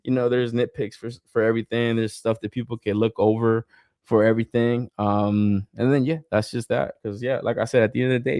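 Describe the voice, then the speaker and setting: Medium-pitched and darkish, a male podcast host chats casually through live comments, profane and rambling, full of fillers and frequent laughter. The studio sound is clean, with no room sound.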